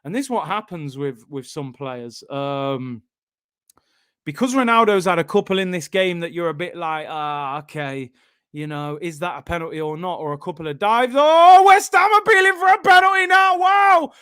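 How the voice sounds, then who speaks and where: A young man streaming a live football watchalong, reacting excitedly, shouting at big moments and bantering with his chat. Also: a little high, normal speed, smooth, dry recording, clean studio sound.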